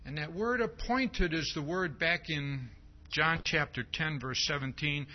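A man preaching a sermon, reading scripture aloud and asking "see?" again and again in a slow, emphatic way. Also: a little high, expressive. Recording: dull lo-fi recording.

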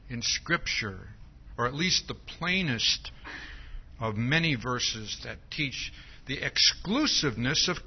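A male pastor preaches in a loose, conversational teaching style, his voice rising and falling widely. His tone is fairly high and a little husky. The recording sounds dull and lo-fi. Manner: conversational, keeps asking "See?". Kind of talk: expository sermon.

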